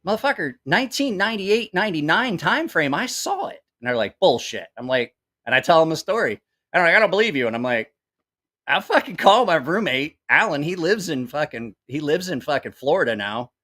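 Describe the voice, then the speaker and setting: A man's voice: on the high side, brisk. A middle-aged man hosting his channel, telling a rambling story in a casual way, swearing a lot and acting out the voices of the people in it. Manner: profane, animated, acts out quoted voices; rambling with self-corrections. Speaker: channel host.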